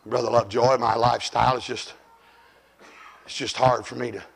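An older man preaching a fiery revival sermon, shouting high and then dropping to low murmurs. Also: little pitch movement, fairly quick, creaky, breathy edge.

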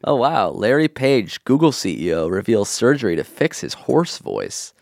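A man's voice: sing-song, normal speed, a little mellow, no echo, clean studio sound. A man co-hosting a podcast in casual comedic chat, joking around and putting on silly voices. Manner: joking, breaks into squeaky tiny voice and laughs. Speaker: podcast co-host.

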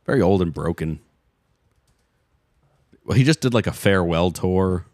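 Low-voiced man cracking jokes. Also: animated, darkish tone, dry recording, clean studio sound. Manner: jokey, quick with puns and wisecracks. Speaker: podcast co-host. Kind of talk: casual chat.

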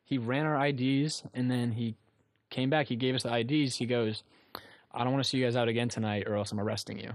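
A young man recounts a rambling story in loose, casual chat, and now and then he laughs at his own tale. His voice sits at an ordinary middle pitch for a man, and the recording is dry and close with no room sound around it. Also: fairly even intonation, fairly quick, dry recording. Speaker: guest storyteller.

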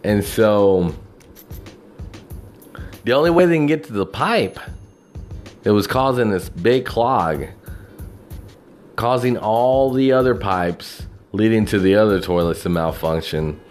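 Slow-talking, profane man rambling. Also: lowish voice, lively intonation, a little mellow, faint music behind. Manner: profane, meandering, full of fillers. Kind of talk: casual rambling monologue.

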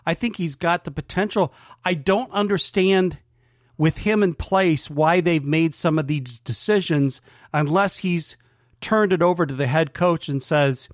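Agreeable man, fairly high voice. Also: measured pace, dry recording, studio quality. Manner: questioning, agreeable. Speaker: podcast co-host. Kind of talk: casual sports chat.

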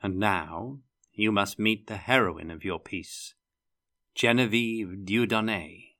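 A man's voice: lowish voice, takes it slowly, sharp tone. A man voicing a genial male prince who tells ghost stories with relish, in an audiobook reading. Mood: fond.

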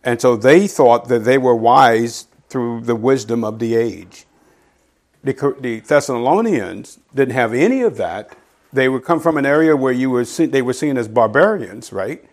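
Lively conversational preacher man. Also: mid-range voice. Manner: conversational teaching, asks the audience "right?"; quotes scripture slowly and deliberately. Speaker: pastor. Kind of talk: sermon.

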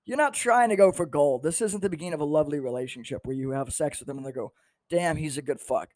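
A man's voice: fairly high pitch, fast talker, darkish tone, dry recording. Crude young man telling stories, dry. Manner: self-deprecating, crude storytelling. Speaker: podcast host. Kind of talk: casual comedic storytelling.

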